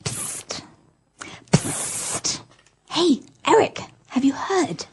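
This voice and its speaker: A woman playing a gossipy office worker in a learning dialogue, talking in a hushed, conspiratorial way with a breathy voice. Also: sits high, lively intonation, very slow, soft background music, heavily acted.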